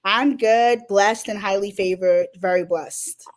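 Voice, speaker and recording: A woman from Queens, New York, a guest life coach telling animated stories in an interview and acting out the dialogue. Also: medium pitch, measured pace. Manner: animated, acts out quoted dialogue. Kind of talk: storytelling in an interview.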